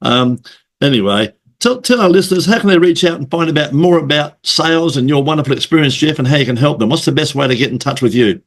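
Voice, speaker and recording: A man's voice: a little high, fast talker. A man hosting a casual interview, telling stories, swearing freely and acting out the people in them. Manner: storytelling, swears, acts out quoted voices. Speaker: podcast host.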